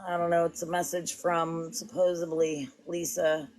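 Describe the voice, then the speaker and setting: A woman's voice: lowish voice, little pitch movement, moderate pace, darkish tone. Rambling woman livestreaming. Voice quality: rambling, fond of "it's like". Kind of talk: casual livestream chat. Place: home kitchen.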